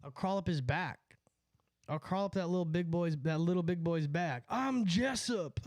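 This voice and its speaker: A man's voice: fairly high pitch, steady tone, moderate pace, darkish tone, dry recording. Profane, rambling young man telling a story. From California. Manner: profane, rambling, laughs at own stories. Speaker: streamer. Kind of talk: casual storytelling chat.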